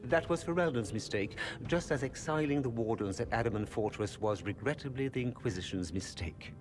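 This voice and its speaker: An actor playing a smooth, superior male envoy in a game, speaking in a measured, condescending way over music. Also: mid-range voice, expressive, lightly acted.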